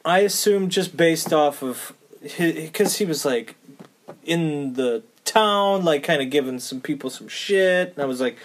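A man's voice: a little high, a little slow. Laid-back guy co-hosting film chat. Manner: laid-back, laughs along, swears. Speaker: podcast co-host reviewing a film. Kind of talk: casual chat.

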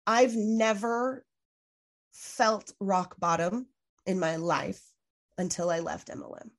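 A woman talks as a guest on a podcast, in a mid-range voice that is neither high nor low. She is earnest and emphatic, leaning on "like" and restarting her sentences. She swears freely as she makes her points. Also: measured pace. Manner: frequent "like" fillers, self-restarts. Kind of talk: candid podcast interview.

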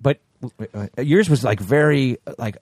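A man's voice: medium pitch, animated, measured pace, darkish tone, no echo, studio quality. A man co-hosting a casual podcast, rambling through recollections with many fillers. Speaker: podcast co-host.

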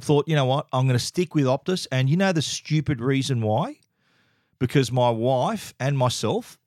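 A middle-aged Australian man recounts a frustrating experience in an emphatic, exasperated tone with plenty of restarts. His voice sits at an ordinary male pitch. The recording is dry and close. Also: no echo. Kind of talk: casual storytelling rant.

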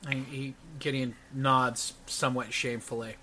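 Bright-voiced man running a tabletop game. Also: mid-range voice, fairly even intonation, moderate pace, hardly any pauses, slight background noise. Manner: casual, narrating actions with many "he goes". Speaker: game master.

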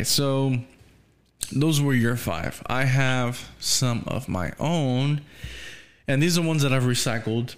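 A man hosting a podcast, chatting casually and swearing freely, laughing often. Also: mid-range voice. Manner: profane, laid-back, laughs often. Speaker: podcast host.

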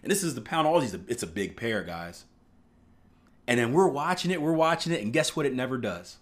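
Man, trading instructor, casual live-stream teaching, middle pitch, chatty, keeps asking "right?". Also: expressive, fairly quick.

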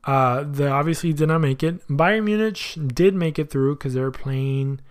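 A man's voice: on the high side, measured pace, clear, resonant tone. A man hosting a soccer podcast in casual chat, slangy and thinking aloud as he goes. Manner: chatty, thinks aloud, asks himself questions.

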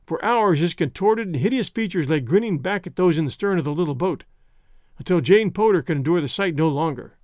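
A man narrating an adventure story in a measured, dramatic reading. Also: fairly high pitch, lively intonation, a little mellow, no echo, studio quality. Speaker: audiobook narrator. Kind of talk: scripted narration.

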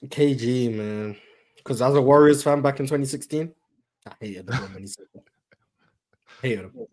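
A man's voice: medium pitch, normal speed, a little mellow. A man on a casual sports panel, bantering in slang and brushing things off.

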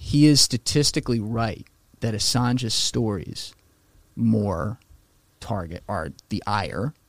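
A man talking in a casual podcast conversation, animated and opinionated, swearing freely and slipping into mocking voices for quotes. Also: fairly low pitch, slow, vocal fry, no echo.

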